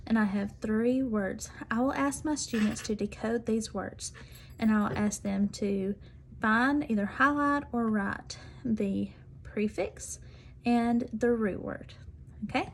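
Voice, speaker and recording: A woman's voice: fairly high pitch, a little mellow, a little hiss or hum. Woman teacher sounding out word parts. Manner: clear, deliberate, sounds out word parts slowly. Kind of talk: instructional demonstration.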